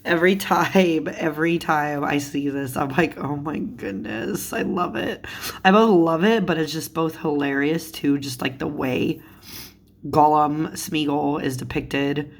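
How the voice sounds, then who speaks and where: Young woman, low voice, unhurried, amused and giggly chat for a tarot vlog. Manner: giggly and amused, laughs often mid-sentence. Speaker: tarot video creator. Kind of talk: casual chat showing tarot cards.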